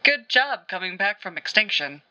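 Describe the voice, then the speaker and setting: A woman voicing a stoic, blunt male armored warrior in a fan fiction audiobook, speaking in a flat, terse way. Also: mid-range voice, moderate pace, dull audio.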